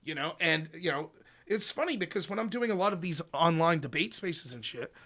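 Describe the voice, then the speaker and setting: A man hosting a casual political chat show, talking in an animated, profane, ranting way. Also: fairly high pitch, brisk. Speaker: podcast host.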